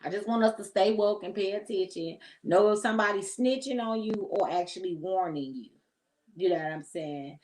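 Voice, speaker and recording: A woman's voice: mid-range voice, normal speed, a little mellow, poor audio. A woman hosting a casual commentary vlog, talking straight to her viewers in a chatty, opinionated, slangy way. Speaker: host.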